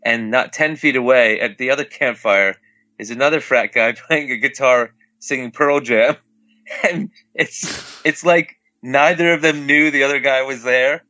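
A man's voice: medium pitch, unhurried, sharp tone, no room sound, muffled recording. A middle-aged man, a father, telling a camping story casually and laughing often as he acts out what people said.

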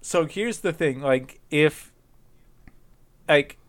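A man chatting casually on a podcast, his voice smooth and resonant. He rambles through half-formed ideas with lots of fillers and restarts, and he perks up and laughs easily. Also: fairly high pitch. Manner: rambling, halting, many fillers; laughs often, animated when joking. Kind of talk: casual chat.

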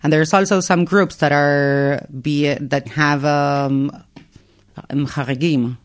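A woman rabbi, a guest on the show, explaining her work in a measured way with pauses and restarts. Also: low-pitched, flat delivery, smooth. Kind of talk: explaining in a podcast interview.

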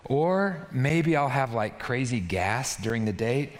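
A man preaching a sermon in a lively, conversational way, often checking in with his listeners. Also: mid-range voice, slow pace, long reverb tail. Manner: animated, conversational, frequent "right?" asides. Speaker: pastor.

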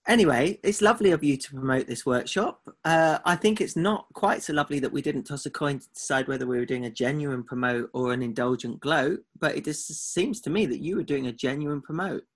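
Male podcast co-host, slightly husky, fairly high voice, teasing and mock-exasperated. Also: fairly quick, hardly any pauses. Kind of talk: casual podcast banter.

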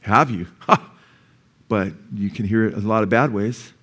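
A man's voice: lowish voice, normal speed, a bit bright, slightly rough. A male pastor preaching a conversational sermon, full of asides and rhetorical questions.

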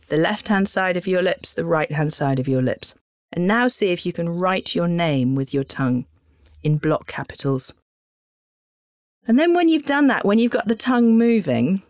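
Woman, voice coach, guided warm-up, lowish voice, dry sound. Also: no echo. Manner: calm, instructive, demonstrating sounds.

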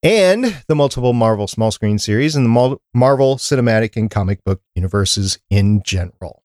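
A man's voice: mid-range voice, expressive, normal speed, a little mellow, no room sound, clean studio sound. A man from Minnesota hosting a fan podcast, chatty and rambling in casual talk. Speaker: podcast host.

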